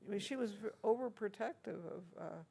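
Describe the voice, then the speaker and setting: Older lady reminiscing, super gravelly husky voice, chatty with lots of ums and laughs. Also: medium pitch, a little fast, warm tone. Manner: chatty, anecdotal, laughs often, many fillers. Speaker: interviewee, organist. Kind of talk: reminiscing interview. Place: university room.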